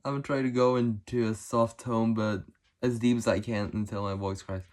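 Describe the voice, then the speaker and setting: A woman's voice: very deep voice, steady tone, normal speed, a little mellow. A woman hosting a casual solo vlog, giggling as she plays around with odd voices. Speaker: channel host.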